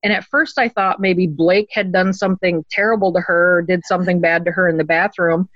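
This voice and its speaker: A woman guest telling a personal story in an earnest, animated way. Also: on the low side, a little fast, no echo. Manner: earnest, animated storyteller who acts out quotes. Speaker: interview guest. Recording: dull, dry lo-fi recording.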